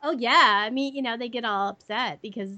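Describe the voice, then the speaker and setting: Older woman voice actor, squeaky and upbeat, dry close mic, casual interview guest. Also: a little fast, bright, forceful tone, dry recording. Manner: chatty, laughs easily, self-deprecating.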